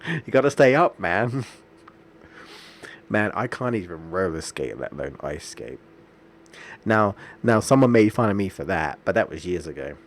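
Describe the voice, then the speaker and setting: Young guy streaming a game, lowish voice, chatty and meandering, lots of ums. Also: big pitch swings, moderate pace, pauses often. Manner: rambling, anecdotal, many restarts and fillers. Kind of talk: casual gameplay commentary.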